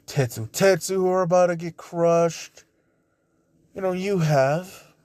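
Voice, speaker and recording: Man, casual storyteller, rambling with fillers, slow, dry close sound. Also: mid-range voice, darkish tone, no room sound. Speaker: storyteller of a fan what-if.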